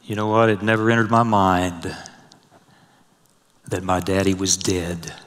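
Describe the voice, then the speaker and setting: A man preaching a sermon, swelling loud and high on scripture and dropping soft and low for personal stories. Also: little pitch movement, a little slow. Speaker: pastor. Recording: long hall reverb.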